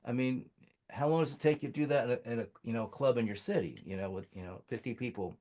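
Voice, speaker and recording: A man's voice: mid-range voice, quick pace, mellow. A man on a music industry panel telling a long story in a casual, rambling way, full of fillers and restarts.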